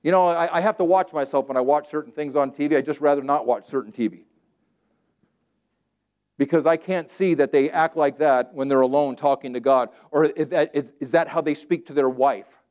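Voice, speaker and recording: A man from Southern California preaching a sermon in plain, everyday words. He is animated and conversational, and acts out scripture verses as he quotes them. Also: a little high, a little fast. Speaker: pastor.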